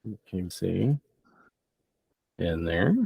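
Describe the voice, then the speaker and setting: Deep-voiced guy gm'ing a tabletop game, dry close mic, laid back. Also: animated, drawn-out words, creaky, slightly rough, dry recording, dull audio. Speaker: game master.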